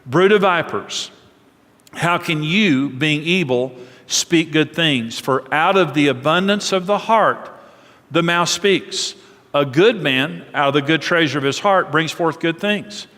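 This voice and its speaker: A middle-aged man preaching a sermon as pastor, earnest and preacherly, drawing out key phrases slowly. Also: on the high side, sharp tone. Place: church auditorium. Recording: long reverb of a large hall.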